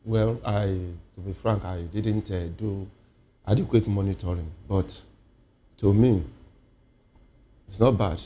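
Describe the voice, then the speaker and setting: A man, an educationist guest on a TV interview, explaining slowly with many pauses and fillers. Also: fairly low pitch, warm tone, a little hiss or hum. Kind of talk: TV studio interview.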